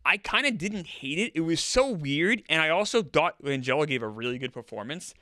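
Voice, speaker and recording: A man with a bright, forceful voice rattling off quick, emphatic opinions in a casual movie chat. He sits a little high in pitch and swings widely, and the sound is dry. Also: lively intonation, no echo. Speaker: podcast guest.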